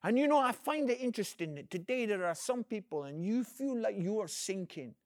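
A man's voice: high-pitched, fairly quick, dry recording, studio quality. A man, an evangelist, giving an earnest inspirational video message and calling the listener "friend". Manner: energetic, swings between loud emphasis and quiet.

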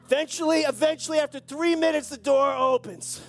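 A pastor preaching a sermon with lively storytelling and jokey asides. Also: high-pitched, brisk, vocal fry.

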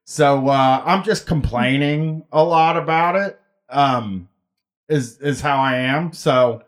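A man's voice: a little high, slow pace. A man hosting a podcast, chatting casually in a rambling, wry way with many restarts. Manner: rambling, self-interrupting, wry. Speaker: podcast host.

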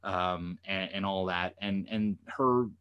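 A man's voice: sits low, slow pace, clear, resonant tone, highs cut off. A man hosting a podcast and recapping a TV episode, retelling scenes animatedly and quoting the characters' lines. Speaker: podcast host and lawyer.

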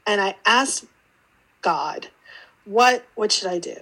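A woman's voice: medium pitch, slow pace, slightly rough, low-quality recording. A woman guest on an interview podcast, telling her story casually and acting out the voices in it. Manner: animated, acts out quoted dialogue. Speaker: podcast guest, intuitive teacher.

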